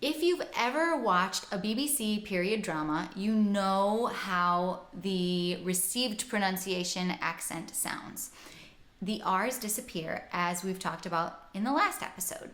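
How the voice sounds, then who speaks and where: A woman teaching pronunciation, talking through lessons and modelling sounds with clear, exaggerated vowels. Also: medium pitch, unhurried, fairly bright tone. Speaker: singing teacher and host. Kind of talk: instructional lesson with spoken demonstrations. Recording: roomy echo.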